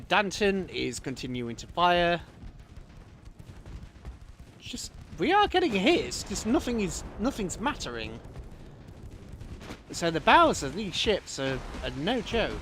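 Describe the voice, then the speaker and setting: Lively man commentating a game live. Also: a little high, slight background noise. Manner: chatty, reacting aloud to the battle. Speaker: streamer.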